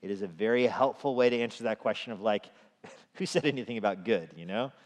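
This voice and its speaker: A pastor preaches a sermon in a church sanctuary, talking fast and animatedly, with the hall's echo clearly audible. When he quotes scripture, his pitch and volume rise.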